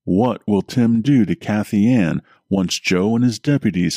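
A man's voice: fairly low pitch, unhurried, warm tone, no echo, clean studio sound. A man reading a preview and a promo in an announcer style. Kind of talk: scripted show promo.

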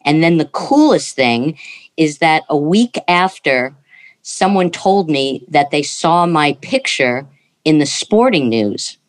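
Low-voiced woman in her sixties. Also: animated. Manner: reminiscing, halting with fillers. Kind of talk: casual chat.

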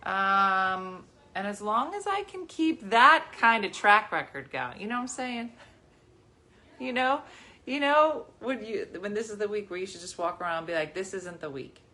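A woman in her forties hosting a casual chat with viewers from her living room, chatty and animated, jumping from topic to topic. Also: medium pitch, moderate pace. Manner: chatty, animated, jumps between topics and laughs often. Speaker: livestream host.

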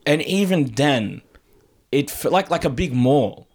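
A man's voice: fairly high pitch, a little slow. A young Australian man co-hosting a podcast, chatting casually with a friend, swearing freely and joking. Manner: swears freely, jokey and animated. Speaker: podcast co-host. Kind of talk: casual chat.

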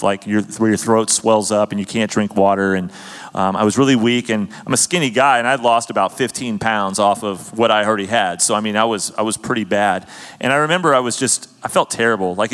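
A man's voice: lowish voice, a bit bright, big-room sound. A man hosting a faith discussion, telling a personal testimony earnestly with many fillers. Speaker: host.

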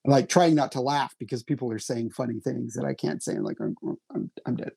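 Guest writer-actor, man; husky, dry-sounding voice, self-deprecating storyteller. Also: mid-range voice, fast, dark tone, no echo. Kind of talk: casual conversation, storytelling.

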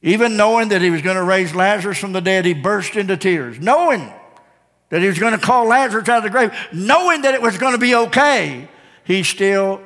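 A man preaching with a fairly high voice that swings between hushed, slow lines and soaring, repeated refrains. His words ring out with a long reverb, as in a church sanctuary. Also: expressive. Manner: repeats phrases for emphasis. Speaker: pastor. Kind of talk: sermon.

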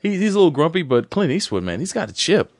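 A man's voice: a little high, sing-song, fast, dry recording. A man on a podcast who chats in laid-back slang and laughs often. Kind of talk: casual chat.

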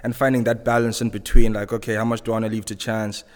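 A man's voice: on the low side, level tone, fast, big-room sound. Laid-back young man from Zimbabwe. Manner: laid-back, laughs often, chatty slang. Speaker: podcast guest. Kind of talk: casual storytelling.

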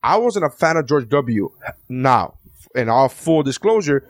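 A man's voice: medium pitch, big pitch swings, a little slow, dry recording. An American man in casual chat, ranting profanely and with energy. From United States.

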